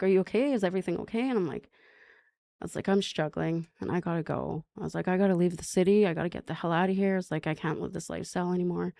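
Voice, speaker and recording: Woman, middle-aged, lower register, halting confessional storyteller, dry booth sound. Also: gravelly, mellow, no room sound. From Canada. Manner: halting, many fillers and restarts. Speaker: podcast guest. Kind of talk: emotional personal recovery story.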